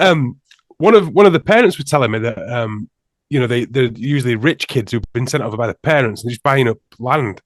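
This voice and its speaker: A man's voice: mid-range voice, expressive, fairly quick, no room sound, studio quality. Rambling man telling stories. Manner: rambling storyteller, laughs often. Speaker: podcast guest. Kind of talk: casual roundtable chat.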